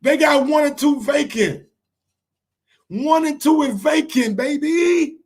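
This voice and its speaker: High-voiced man ranting on a live stream. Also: slow. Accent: New York. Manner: animated, ranting, asks the chat rhetorical questions. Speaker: sports show host. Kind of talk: casual live-stream commentary.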